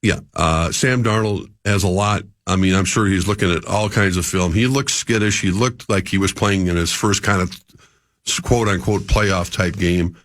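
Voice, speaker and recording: Low-voiced guy on sports radio, coughing from a cold, kinda halting, sticks to his opinion. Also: a bit bright, no echo, studio quality. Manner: hesitant, defends his view. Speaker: guest sports analyst. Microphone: studio mic.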